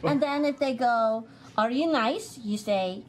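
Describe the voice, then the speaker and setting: Playful high-voiced woman player. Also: slow pace, background noise. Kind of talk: playing a tabletop game.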